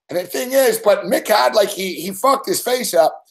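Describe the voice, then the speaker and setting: A man's voice: high-pitched, lively intonation, normal speed, vocal fry. A man hosting a live sports betting show, telling a rambling story full of swearing and laughing at himself.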